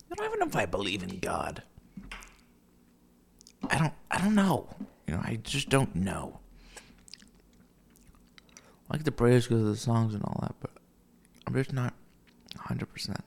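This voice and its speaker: A man's voice: medium pitch, wildly swooping pitch, normal speed, gravelly, long pauses, a little hiss or hum. A drunk young man rambling alone, profane and meandering, with mumbled asides. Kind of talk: rambling solo monologue.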